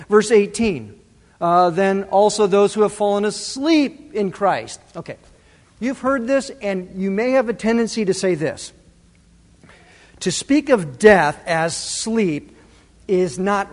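A man preaching a sermon as pastor, lively and direct, speaking to the congregation and to the children in it. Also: high voice, takes it slowly. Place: church sanctuary. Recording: long reverb of a large hall.

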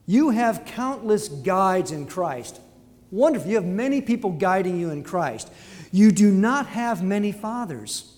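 A man's voice: high-pitched, sing-song, a little slow, darkish tone, long reverb tail. A man preaching a sermon, emphatic, with quoted scripture and acted-out everyday voices.

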